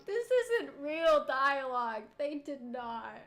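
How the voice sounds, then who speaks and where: A woman's voice: a little high, unhurried, faint music behind. A young woman streaming a game, giggly and exasperated, laughing through her casual commentary.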